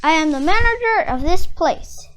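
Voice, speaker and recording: A reader voicing an excitable, cheerful male sea sponge cook who talks with heroic bravado. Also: very high voice, moderate pace.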